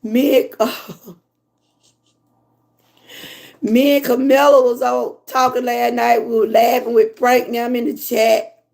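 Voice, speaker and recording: A hoarse woman from Georgia with a Southern accent, chatting casually with her livestream viewers and reading their comments. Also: on the high side, flat delivery, darkish tone. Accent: Southern American. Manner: chatty, drawn-out, talks to viewers as y'all. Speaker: livestream host.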